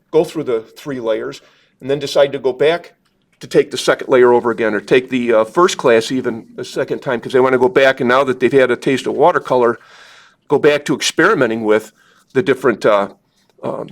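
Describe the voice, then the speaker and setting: A man talks through a watercolor demo at a club meeting. He rambles in a friendly, self-deprecating way and fills pauses with "um" and "uh" as he paints. His voice sits at an ordinary middle pitch. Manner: chatty, rambling, self-deprecating, with many fillers. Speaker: watercolor instructor. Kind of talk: live painting demonstration with audience questions. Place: meeting room at a club gathering.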